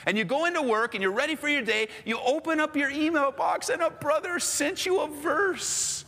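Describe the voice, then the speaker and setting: A male pastor preaching a sermon in an animated, conversational storytelling manner. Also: very high-pitched, moderate pace, in a large hall.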